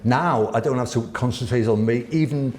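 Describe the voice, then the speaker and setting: A man, a guest telling lively, laughing stories with the odd swear word in a casual interview. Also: mid-range voice, moderate pace, slight background noise. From Wirral, England. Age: 60s. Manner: animated, laughing, swearing raconteur. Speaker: guest artist. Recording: roomy echo.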